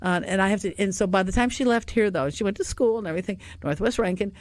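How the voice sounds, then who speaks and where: A woman radio host with a Michigan accent chats casually, wandering into long stories and laughing along the way. Her voice sits at an ordinary middle pitch and sounds dry and close, with no room around it. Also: fast talker, no room sound. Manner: chatty, laughs often, drifts into anecdotes. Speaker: radio talk show host.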